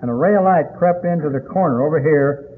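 An older man speaking to a meeting audience, telling a story in a folksy, unhurried way and often clearing his throat. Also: a little high. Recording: tinny lo-fi recording with faint hiss.

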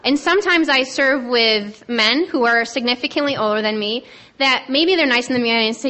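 A young woman speaking on a conference panel, sharing her story quickly, a little nervous and excited. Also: high-pitched. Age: young adult. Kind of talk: personal share talk.

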